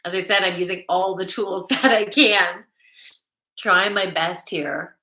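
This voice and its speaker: A woman's voice: on the low side, measured pace, pushed and bright. A middle-aged woman hosting a casual livestream, chatting and reading viewer comments aloud. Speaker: livestream host. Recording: echoey room.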